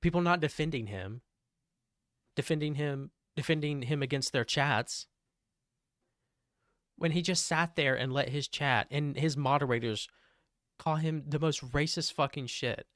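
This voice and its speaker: A man's voice: a little high, a little slow, long pauses, a bit bright, no room sound, studio quality. A young man commenting on a stream, exasperated and swearing as he rants. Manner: exasperated, profane. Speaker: podcast commentator. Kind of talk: stream chat rant.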